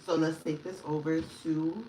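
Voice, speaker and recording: A woman hosting a live sewing tutorial, talking viewers through each step in a casual, chatty way and speaking up loudly over her work. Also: low-pitched, steady tone, normal speed, roomy sound. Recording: noticeable background noise.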